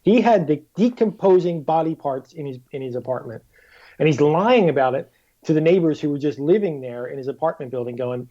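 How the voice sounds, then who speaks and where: A man chats as a podcast guest, spinning animated stories and acting out what people said. His voice sits a little high and sounds mellow. The audio is dull and lo-fi. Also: fairly quick. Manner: animated storyteller, acts out quotes with swearing. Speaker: guest author. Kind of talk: casual podcast chat.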